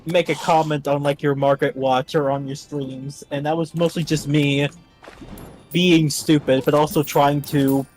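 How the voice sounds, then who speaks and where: Easygoing man with a higher voice. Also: little pitch movement, unhurried, darkish tone, soft background music. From Canada. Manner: easygoing, laughs often. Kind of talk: casual chat while gaming.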